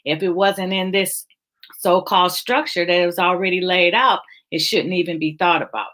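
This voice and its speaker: A woman's voice: lowish voice, fairly even intonation, normal speed, fairly bright tone. A woman hosting a casual online talk about faith, emotional and encouraging, speaking over a video call. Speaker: host. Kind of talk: casual chat.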